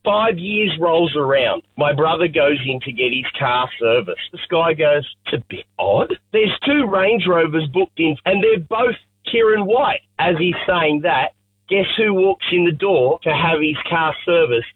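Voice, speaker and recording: A man on a tinny, phone-quality line, his voice slightly husky and a bit high. He tells his anecdote plainly, and the sound is dry and narrow. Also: expressive, measured pace. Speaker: caller.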